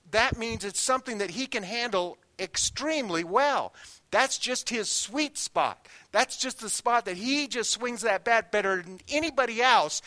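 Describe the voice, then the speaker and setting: High, bright-voiced man preaching folksy stories. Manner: folksy anecdotes, animated quoted voices. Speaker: guest preacher. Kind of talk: sermon with storytelling.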